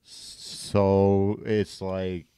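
A man co-hosting a casual podcast, asking halting, stumbling questions. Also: sits low, completely flat delivery, mellow, clean tone, no room sound. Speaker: podcast co-host. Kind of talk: casual chat.

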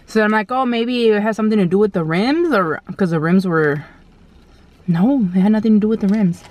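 A woman with a medium-pitched, darkish voice speaks briskly as she eats, telling a vlog story bluntly and casually with slang and some mild swearing. When she quotes people, she acts the lines out in a louder, exclaiming voice.

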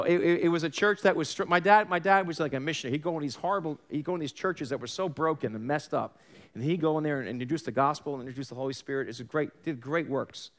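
Animated New pastor preaching. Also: male voice, on the high side. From Long Island, New York. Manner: animated storytelling, acts out quoted voices, sarcastic asides. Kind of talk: sermon.

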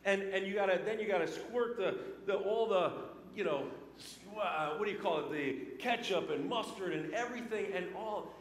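High-voiced pastor preaching in an echoey hall. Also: male voice, normal speed, few pauses, slight background noise. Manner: storytelling with lively swings between loud and hushed. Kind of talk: sermon. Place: church sanctuary. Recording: echoey church hall with long reverb.

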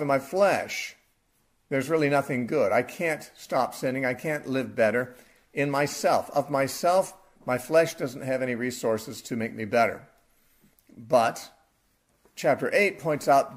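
A man's voice: mid-range voice, slightly rough. Man teaching a Bible passage. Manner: unscripted and explanatory, with self-corrections.

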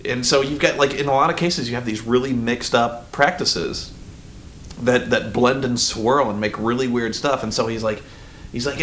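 A man vlogging about a movie in a rambling, excitable way, full of fillers and sudden high-pitched quoted reactions. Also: normal speed, a little hiss or hum. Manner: excitable, rambling, many "like" fillers, big pitch jumps when quoting. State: groggy, just woken. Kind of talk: rambling movie review vlog.

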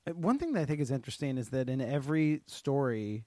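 A man co-hosting a podcast in easygoing casual chat, agreeable and quick to laugh. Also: mid-range voice, animated, dark tone, dry recording. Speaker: podcast co-host.

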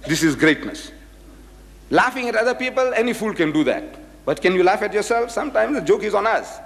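Older man, storyteller lecturer, fairly high voice, animated delivery, long hall reverb. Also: brisk. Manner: storytelling, acting out quoted voices. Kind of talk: religious lecture telling anecdotes.

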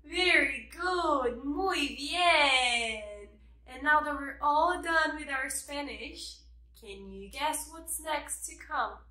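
A woman teaching a virtual preschool class, slow and cheerful, repeating words for the children. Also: high-pitched, bright, forceful tone, roomy sound.

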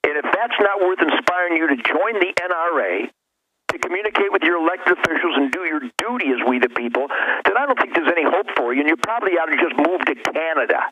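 A man's voice: a little high, expressive, fast, lo-fi sound, crowd noise. A man speaking as a radio show guest, fiery and emphatic, often repeating words as he gets worked up. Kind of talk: impassioned radio interview. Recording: noisy radio broadcast.

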